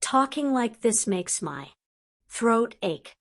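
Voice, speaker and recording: A woman's voice: fairly high pitch, very animated, takes it slowly, exaggerated voice. A woman voicing Death, an ageless male entity in a young man's shape, bemused and whining, in a storybook reading.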